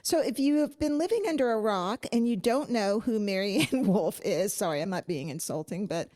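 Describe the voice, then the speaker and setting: A woman's voice: medium pitch, normal speed. A woman co-hosting a podcast, chatting and telling stories. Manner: chatty, animated storytelling. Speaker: podcast co-host. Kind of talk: casual podcast chat.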